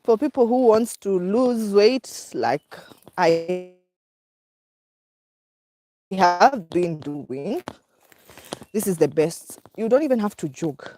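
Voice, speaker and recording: A woman's voice: mid-range voice, animated, takes it slowly, long pauses. A woman with a Kenyan English accent talking casually while out walking her dog, out of breath, chatty and laughing now and then. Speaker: vlogger. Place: outdoors on a walk, hills and woods.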